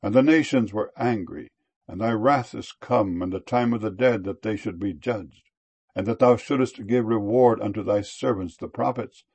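A man reading old-style Bible verses in a measured, solemn delivery. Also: on the low side, darkish tone, breathy edge. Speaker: scripture reader.

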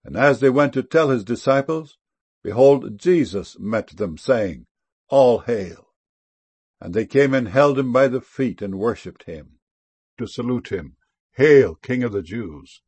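A man giving a solemn scripture reading, with measured, deliberate phrasing and slow, emphatic stresses. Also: medium pitch, expressive, darkish tone, breathy edge.

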